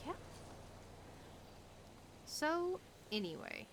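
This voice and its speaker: A woman's voice: sits high, huge pitch swings, extremely slow, noisy background. A tired woman chatting in character during a roleplay stream, wry and blunt, swearing casually. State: tired late at night.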